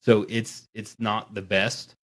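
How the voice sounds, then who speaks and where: A man chatting casually on a podcast about wargaming, talking in a rambling, animated way. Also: lowish voice, slow pace. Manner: rambling, animated, mocking impressions. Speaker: podcast guest; tattoo artist.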